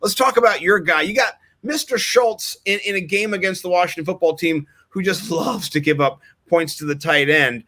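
A man hosts a loose sports chat and rambles cheerfully from point to point with jokes. His voice sits somewhat high for a man. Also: moderate pace, few pauses, bright, forceful tone. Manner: rambling, jokey and chatty. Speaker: fantasy football co-host.

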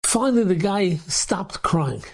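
A man, a rabbi, telling an inspirational story in a lively way, dropping Yiddish and Hebrew words into his telling. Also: high voice, unhurried, vocal fry.

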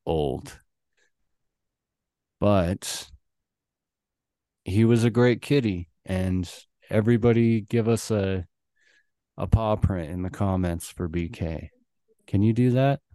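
A young man hosts a casual podcast in a low, smooth, clear voice. He rambles through stories with plenty of fillers and laughter. The sound is dry and close. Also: takes it slowly, pauses often, dark tone, no echo. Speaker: podcast host. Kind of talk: casual chat.

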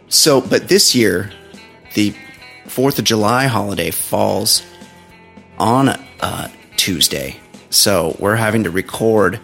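A man's voice: on the low side, gravelly, fairly bright tone. A man hosting a casual comedy podcast, joking crudely and swearing, in his morning voice. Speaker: podcast host. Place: home studio.

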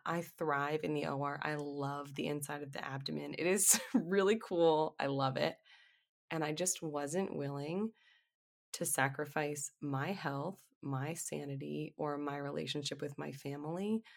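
Brief: woman guest, low-pitched with a gravelly edge, animated storyteller. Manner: animated, laughs often while telling stories. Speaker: physician assistant, podcast guest. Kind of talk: candid storytelling interview.

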